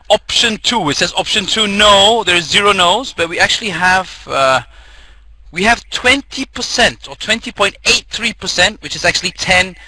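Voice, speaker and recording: A male host runs a live webinar in a casual, chatty way. His voice sits high and sounds very bright and sharp. He laughs easily as he reads out poll results. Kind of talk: casual moderating.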